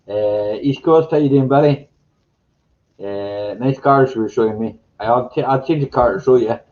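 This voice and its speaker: A man hosting a casual live chat, greeting viewers by name in a slow, meandering way and chuckling to himself. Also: mid-range voice, a little mellow, lo-fi sound. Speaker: live stream host. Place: home room with green screen.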